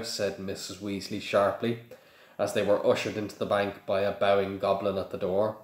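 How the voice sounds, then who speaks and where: A man reads a children's storybook aloud in a plain, unpolished way, now and then stumbling and restarting. His voice sits low. The room around him is echoey. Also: flat delivery, normal speed. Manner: plain, with small slips and restarts. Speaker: reader.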